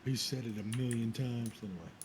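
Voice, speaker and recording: A meek, whiny undertone of a man, put on by a streamer, muttering complaints in a hushed mumble. The recording carries a clear layer of hiss behind it. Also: mid-range voice, normal speed, pitched below the performer's own voice, natural voice. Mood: grumbling.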